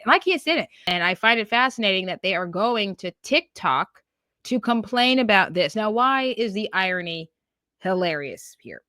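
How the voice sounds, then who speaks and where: A woman hosts an opinionated commentary show. She talks emphatically, drops slang and laughs as she goes. Her voice sits at a middling pitch, and the recording is close and very dry. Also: fairly bright tone, no echo.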